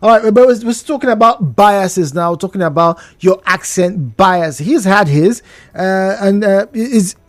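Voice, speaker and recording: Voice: mid-range voice, unhurried, no echo. A radio talk show host, pressing the guest with questions and restarting sentences, in a studio. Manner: animated, probing, hesitant restarts. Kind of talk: live radio discussion.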